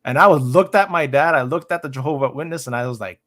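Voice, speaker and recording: A man's voice: medium pitch, fast, hardly any pauses, a bit bright. A man hosting a casual talk, rambling and repeating words as he chats to viewers and reads aloud. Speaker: streamer host. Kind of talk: casual chat and reading aloud.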